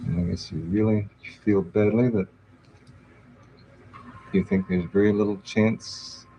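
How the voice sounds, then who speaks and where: A man, a therapist, gently reflecting a client's words back to her. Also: on the low side, fairly even intonation, unhurried, creaky. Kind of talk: archival counseling session. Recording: dull old film recording with faint hiss.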